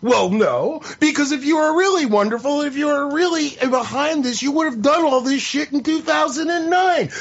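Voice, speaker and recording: A man's voice: very high voice, moderate pace, few pauses, fairly bright tone. A man hosting an opinion podcast, venting in an exasperated, sarcastic, profane rant. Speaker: podcast host. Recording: slightly muffled lo-fi audio.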